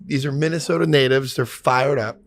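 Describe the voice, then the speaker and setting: A man's voice: medium pitch, a little fast. A man hosting a podcast, chatting eagerly with a comedian guest and laughing along. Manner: eager, laughing, affectionate interjections. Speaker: podcast host. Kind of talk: casual podcast interview.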